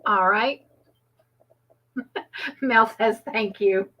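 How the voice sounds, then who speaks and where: A woman's voice: on the high side, very slow, fairly bright tone. A woman hosting a casual live trivia stream from home, chatty and laughing often as she thanks viewers by name. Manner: chatty, laughs often, reads chat names aloud. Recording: dull lo-fi stream audio.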